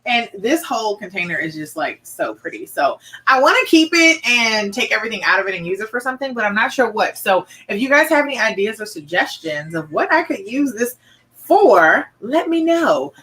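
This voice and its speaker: A woman's voice: fairly high pitch, very animated, normal speed, a bit bright. A woman hosting a live wine show, chatting in an upbeat way and reading out viewer comments. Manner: chatty and upbeat, reads viewer comments aloud, often says "y'all" and "honey". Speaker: host and wine reviewer. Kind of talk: live-stream chat with viewers.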